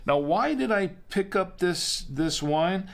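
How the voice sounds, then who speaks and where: Guy hosting a wine stream, kinda higher voice, rambly and chatty, lots of ums, pokes fun at himself. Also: expressive, slow, vocal fry. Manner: rambling, self-deprecating, chatty with many fillers. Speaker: wine show host. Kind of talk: casual live-stream chat and wine review.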